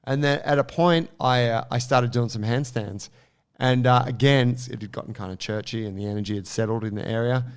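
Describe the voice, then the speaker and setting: A man co-hosting a podcast, telling a story in an animated, casual way with lots of fillers and some swearing. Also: medium pitch, a little fast, clear, resonant tone. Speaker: podcast co-host.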